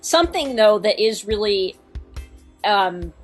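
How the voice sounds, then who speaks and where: Podcast co-host, woman, mid-pitched, rambling and sweary in casual chat. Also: lively intonation, takes it slowly, faint music behind. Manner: chatty, swears freely, trails off in fillers.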